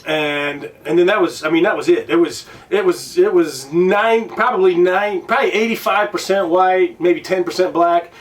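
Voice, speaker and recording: A man's voice: high-pitched, moderate pace, few pauses, distant mic. A man from Illinois hosting a casual interview, talking in a rambling way with restarts and swearing. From Illinois, United States. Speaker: podcast host. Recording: voice a bit off-mic.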